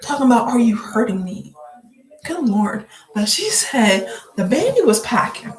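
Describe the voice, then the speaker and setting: A woman's voice: on the high side, lively intonation, measured pace, darkish tone, echoey room, low-quality recording. A woman vlogger giving casual gossip commentary, blunt, profane and joking, full of "like" fillers.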